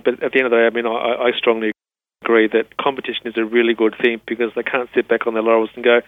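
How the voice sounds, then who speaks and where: A man, a technology specialist explaining things patiently and spelling words out slowly in an interview. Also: medium pitch, no echo. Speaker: assistive technology specialist guest. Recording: tinny phone-line sound.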